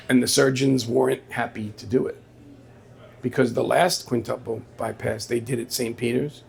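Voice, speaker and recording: A man's voice: medium pitch, vocal fry, darkish tone. A man telling a personal story on stage at a live story slam, in a conversational way, quoting the people in it. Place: small venue with a live audience.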